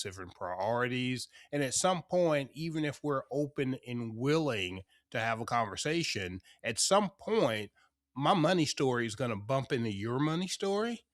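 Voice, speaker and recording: A man's voice: medium pitch, fairly bright tone, no echo. Male podcast host, mid voice, thoughtful and searching, dry recording. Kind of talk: interview conversation.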